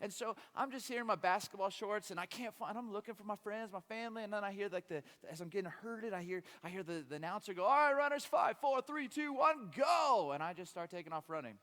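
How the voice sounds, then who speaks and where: A man giving a sermon as a guest preacher, telling a funny story in an animated way with frequent stammered restarts. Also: high-pitched, fast, hardly any pauses. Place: church sanctuary. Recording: long hall reverb.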